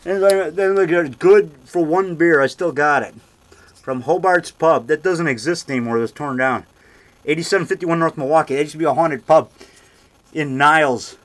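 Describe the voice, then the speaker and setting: A middle-aged man with a voice pitched a little high for a man talks eagerly through a tour of his basement. He hops from one item to the next in a loose, rambling show-and-tell, picked up by a handheld camera mic. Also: normal speed. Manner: eager, chatty, jumps from item to item. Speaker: monster movie-maker giving a home tour. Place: home basement.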